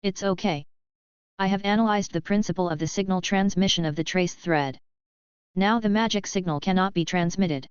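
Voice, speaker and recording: A woman reading the lines of a calm, capable young male wizard, matter-of-fact and even. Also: medium pitch, moderate pace, smooth, dry recording, natural voice. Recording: dull lo-fi audio.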